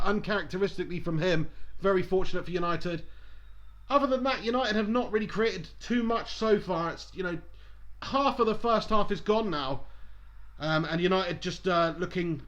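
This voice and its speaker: Guy doing a fan live stream of a footy match, high voice, chatty, shouts when theres a chance. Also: normal speed. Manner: chatty, excitable, swears at big chances. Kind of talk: casual live match commentary.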